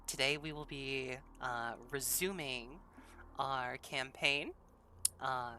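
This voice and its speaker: A woman's voice: a bass voice, bright, forceful tone, slight background noise. A woman hosting a tabletop game stream as dungeon master, bubbly and giggly, chatting casually with her players.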